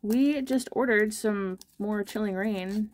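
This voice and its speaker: A woman's voice: medium pitch, slow, slight background noise. A young woman chatting casually and self-deprecatingly while she opens trading card packs on her channel. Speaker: card-opening vlogger.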